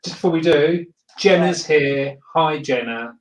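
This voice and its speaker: A man hosting a live stream in a relaxed, hesitant way, reading out viewer comments. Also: a little high, unhurried, poor audio. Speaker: host.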